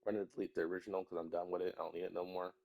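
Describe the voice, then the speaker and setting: A man's voice: deep voice, level tone, rapid-fire, gravelly, a little mellow, dull audio, a little hiss or hum. A young man chatting casually in a rambling way, swearing often and trailing off into mumbles, a little sick with a stuffy nose. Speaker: YouTuber.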